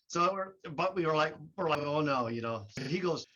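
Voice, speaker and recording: A man guest telling a lively story in casual chat, laughing and acting out the people in it. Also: fairly high pitch, moderate pace, few pauses. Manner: animated, laughing, acts out quotes. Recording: muffled with faint noise.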